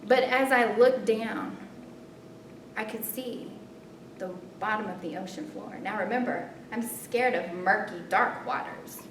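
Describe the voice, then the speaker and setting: A woman's voice: a little slow, a little hiss or hum. Woman telling a story from afar. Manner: expressive, voice jumps high in scared moments, softens in reflection. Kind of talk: spoken storytelling performance. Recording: roomy, distant, rumbling background.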